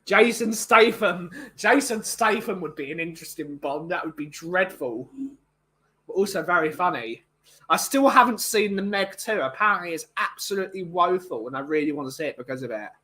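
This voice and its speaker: A man's voice: high voice, animated, moderate pace, pushed and bright. A young man chatting casually and opinionatedly to viewers, rambling with many restarts. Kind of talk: casual chat.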